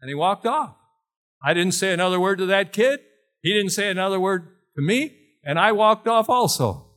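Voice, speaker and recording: A man's voice: sits high, expressive, moderate pace, fairly bright tone. A middle-aged man preaching a storytelling sermon in a folksy way, quizzing his congregation as he goes. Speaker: pastor.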